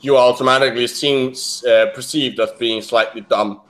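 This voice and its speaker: A man's voice: mid-range voice, fairly even intonation, fairly quick, a bit bright. Rambling man in casual chat. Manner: rambling, stumbling over words. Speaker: podcast co-host. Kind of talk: casual group chat over a call.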